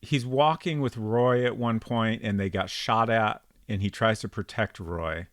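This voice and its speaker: A man's voice: lowish voice, measured pace, fairly bright tone, dry recording, studio quality. A man streaming an old detective game, thinking aloud in a casual, rambling way with frequent ums as he works things out. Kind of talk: casual let's-play commentary.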